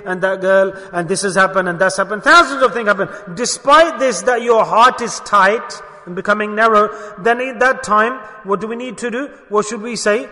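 A man preaching a sermon in an emphatic way, asking rhetorical questions and dropping to soft murmurs. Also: high voice, long reverb tail.

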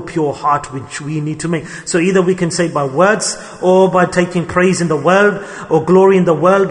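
A man giving an emotional sermon, retelling stories in an animated way and voicing the people in them. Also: high-pitched, long reverb tail. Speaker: Islamic preacher. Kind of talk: sermon with storytelling.

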